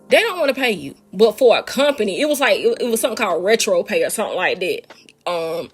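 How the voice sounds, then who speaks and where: Husky-voiced woman teaching faith, casual. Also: medium pitch. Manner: animated, talks straight to listeners as "y'all". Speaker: speaker sharing a faith testimony. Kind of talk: casual spiritual teaching and storytelling.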